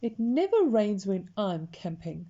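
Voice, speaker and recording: A cheery, stubborn father barks orders on a rainy campsite, as a woman reading aloud puts him on. He is loud and bright, a storybook dad on a dull, lo-fi recording. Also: medium pitch, very animated, a little slow. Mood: bossy cheerful. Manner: yelling, bright and bossy.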